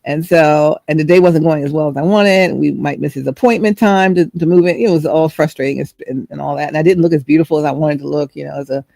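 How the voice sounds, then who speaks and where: A woman's voice: low-pitched, fast, gravelly, hardly any pauses, mellow, no echo. A middle-aged woman hosting a vlog, telling a chatty, rambling story and searching for words as she goes. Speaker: host.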